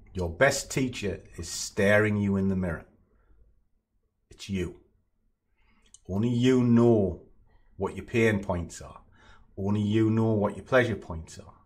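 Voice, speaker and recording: A man's voice: on the low side, measured pace, long pauses. A man giving a blunt, no-nonsense motivational monologue as a trading coach.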